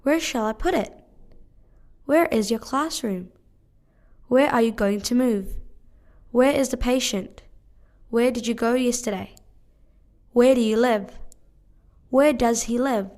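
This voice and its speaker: Higher-voiced woman reading drill questions. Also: darkish tone. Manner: measured, careful reading of one question at a time. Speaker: English teacher. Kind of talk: reading drill sentences aloud.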